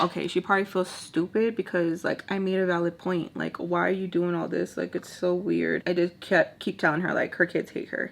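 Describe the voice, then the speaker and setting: A woman chatting through a storytime while doing her makeup, animated and acting out other people's lines. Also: lowish voice, creaky. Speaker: beauty vlogger telling stories. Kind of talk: casual storytime chat.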